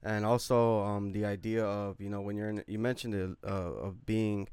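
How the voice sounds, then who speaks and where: A man hosting a podcast interview, asking long, thoughtful questions at a measured pace with frequent fillers. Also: fairly low pitch, little pitch movement, a little mellow, smooth, no echo. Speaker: podcast host.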